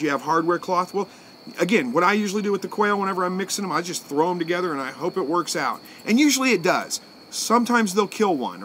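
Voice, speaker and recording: A man, chatting casually on a live stream as he answers viewer comments. His voice sits a little high for a man, and he talks in a relaxed, folksy way, thinking out loud. There is a faint hiss behind him with crickets chirping. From Southwest Missouri, USA. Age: 40s.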